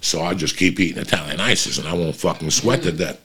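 A middle-aged man hosting a show, telling a story in casual, profane, animated chat to his listeners. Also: low-pitched, fairly quick, a little hiss or hum. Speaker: podcast host.

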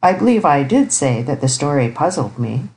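Brief: woman voicing a low, grave old bachelor uncle, dry and ironic, storybook reading. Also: sing-song, moderate pace, a little mellow, poor audio. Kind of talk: audiobook character reading.

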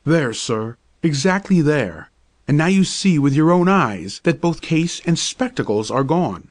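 A man's voice: a little high, animated, unhurried. A man reading aloud and voicing a pompous, irritable doctor who talks in a stiff, indignant, lecturing way. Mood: insistent. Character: pompous irritable male doctor, middle-aged.

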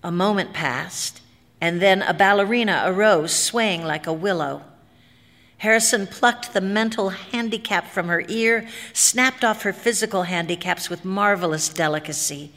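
A woman's voice: medium pitch, unhurried, fairly bright tone. A woman reads a story aloud in a dramatic, vivid way. Her voice sits in a middle range. A long hall reverb trails behind every phrase. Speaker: narrator. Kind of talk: expressive story reading.

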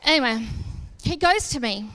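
A woman's voice: high voice, normal speed. A woman giving a sermon testimony, a casual, self-deprecating storyteller who acts out the dialogue. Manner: lively storyteller acting out dialogue. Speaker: church speaker.

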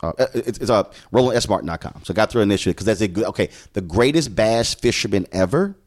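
A middle-aged man from Houston speaks in a deep, low register. His pitch swings widely as he tells emphatic stories from his career, acting out the lines he quotes from others. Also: fast. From Houston, Texas. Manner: animated, emphatic, acts out quoted dialogue. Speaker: journalist and show host, podcast guest. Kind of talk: conversational storytelling.

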